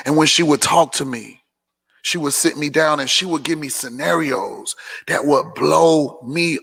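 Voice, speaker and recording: Preachy man with a gravelly, bright voice. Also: on the high side. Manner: preachy, repeats phrases for emphasis. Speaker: motivational vlogger hosting a Q&A. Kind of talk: casual motivational talk. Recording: long hall reverb.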